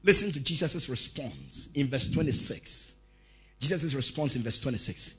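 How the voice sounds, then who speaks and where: A male preacher giving a lively sermon, telling stories, shouting out quotes and laughing as he goes. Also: mid-range voice, normal speed, breathy edge.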